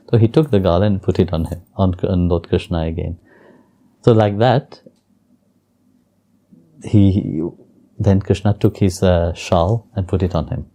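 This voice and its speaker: A man telling a devotional story in an interview and teaching with gentle, chuckling warmth and simple, non-native phrasing. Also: low voice, a little slow, pauses often. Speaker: spiritual teacher.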